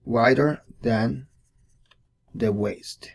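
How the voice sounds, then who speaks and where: A man's voice: mid-range voice, very slow, vocal fry. A man hosting a casual drawing tutorial, thinking aloud and repeating words as he sketches. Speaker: art tutorial host.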